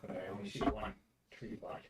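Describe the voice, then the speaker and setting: A man's voice: a little fast, heavy background noise. A man playing a tabletop game, reporting back in character with wry quips. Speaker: player. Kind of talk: casual play at a game table.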